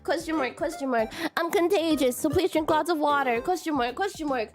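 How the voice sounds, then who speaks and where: Faint music plays behind a young woman's high-pitched, brisk voice as she chats casually on her live stream, her voice strained from a recent illness. Nervous but bubbly, she stumbles, repeats words, and keeps adding a cutesy "question mark" to what she says.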